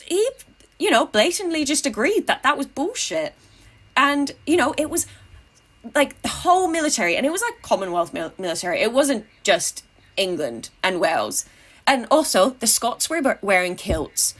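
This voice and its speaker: A woman's voice: fairly high pitch, very animated, normal speed, fairly bright tone. A young adult woman telling casual anecdotes in an interview, wry and tongue-in-cheek, with frequent fillers and restarts. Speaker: interviewee, activist.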